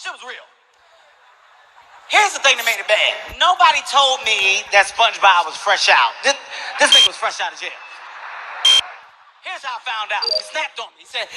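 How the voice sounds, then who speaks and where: A man's voice: high-pitched, very animated, moderate pace, long pauses. A man doing a stand-up comedy routine, telling a story in a brash, profane way, on a noisy live recording.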